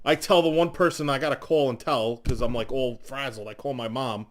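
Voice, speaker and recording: A man's voice: mid-range voice, fairly even intonation, fairly quick. A man co-hosting a show, telling a rambling comic story full of swearing and laughter. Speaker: show co-host. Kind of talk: casual chat.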